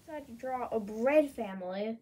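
This is casual drawing commentary from an art channel creator, a woman who is chatty and playful and voices the prompts with lots of energy. She speaks at a moderate pace in a fairly high voice, and there's a little hiss or hum.

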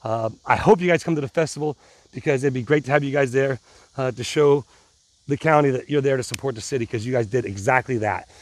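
A man's voice: medium pitch, fast. A middle-aged man vlogging casually to his viewers, rambling and restarting, pumped up on adrenaline. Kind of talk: casual vlog talk to viewers.

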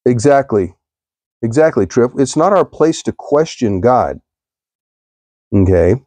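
A man's voice: mid-range voice, expressive, takes it slowly, darkish tone, dry recording. A man hosting a devotional live stream, telling stories in a rambling way and speaking straight to his viewers. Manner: rambling storytelling, addresses viewers.

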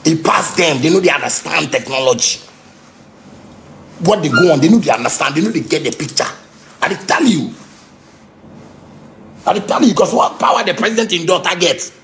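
A man's voice: on the high side, slight background noise. Angry man with Ghanaian Pidgin accent. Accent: Ghanaian Pidgin English. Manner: heated, repetitive, shouting at times. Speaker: musician ranting on a livestream. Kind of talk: angry unscripted rant.

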